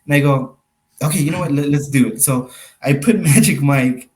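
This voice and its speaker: A man's voice: a little high, moderate pace, darkish tone, low-quality recording. A young adult man, a magician guest on a casual podcast, rambling through anecdotes, laughing often and acting out what others said. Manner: rambling storyteller, laughs often, acts out quotes.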